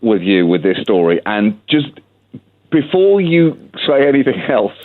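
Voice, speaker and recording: A man's voice: mid-range voice, big pitch swings, measured pace. Mock-serious man on a tinny line. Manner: mock-serious, pleading interruptions. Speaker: podcast co-host. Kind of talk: satirical comedy podcast banter. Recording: tinny phone-line sound.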